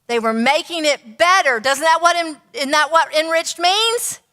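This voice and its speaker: Woman, nutrition teacher, lively storytelling, higher voice, echoing hall. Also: normal speed. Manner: animated, rhetorical questions to the audience. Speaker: nutritionist giving a talk.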